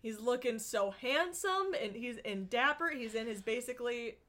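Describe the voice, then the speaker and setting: A young woman co-hosting a casual chat, excitable and gushing, often acting out lines. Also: a little high, normal speed.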